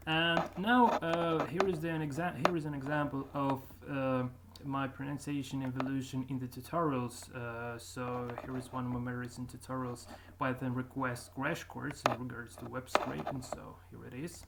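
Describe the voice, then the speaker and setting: A man's voice: medium pitch, moderate pace, gravelly, hardly any pauses. A man commenting casually on his own old videos, talking hesitantly with many fillers and restarts. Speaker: YouTuber reviewing his own accent progress. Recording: steady background noise.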